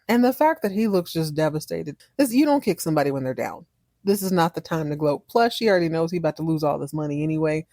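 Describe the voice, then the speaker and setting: Woman podcast host, lowish voice, sassy and chatty, dry close mic. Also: no room sound. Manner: sassy, animated, folksy storytelling with wry asides. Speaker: podcast host recapping a TV series. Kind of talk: casual recap monologue.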